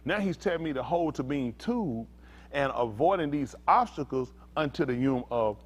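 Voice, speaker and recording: A man's voice: medium pitch, normal speed. A man preaching an interactive sermon, teaching in casual vernacular and checking in with listeners. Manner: animated, calls out to listeners, laughs and shouts at times; casual vernacular, asks "y'all understand?". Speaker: pastor.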